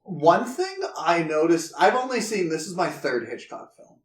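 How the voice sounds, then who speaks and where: A man with a slightly high voice talks through a film in a loose, rambling way, full of fillers and asides. He sounds like he's in an echoey room, chatting as a podcast co-host. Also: lively intonation, normal speed. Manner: rambling, filler-heavy, laughs while retelling scenes. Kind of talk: casual movie review chat.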